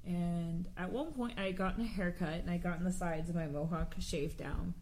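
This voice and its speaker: A woman's voice: lowish voice, normal speed, darkish tone, slight background noise. A woman tells a story about her work in a chatty, amused way. Her delivery is casual and anecdotal, with an easy conversational flow. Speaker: teacher telling a story.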